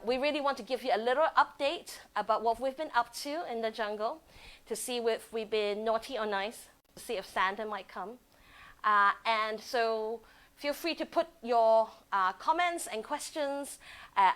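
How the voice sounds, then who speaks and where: A woman's voice: fairly high pitch, rough recording. Bubbly woman chatting to a webcam. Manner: excitable, giggly, talks to the camera. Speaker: charity worker hosting a live stream. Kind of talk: casual live-stream chat. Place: living room.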